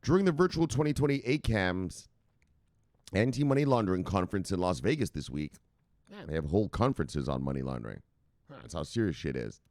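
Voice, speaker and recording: A man's voice: sits low, big pitch swings, a little fast, a little mellow, no echo, studio quality. A man hosting a crypto news show in casual, profane commentary, joking and chuckling as he reads and explains stories.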